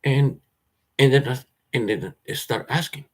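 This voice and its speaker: A man's voice: medium pitch, measured pace. A man telling a rambling personal story, repeating words as he restarts his sentences, swearing, and laughing now and then. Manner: repetitive restarts, agitated, swears, laughs often.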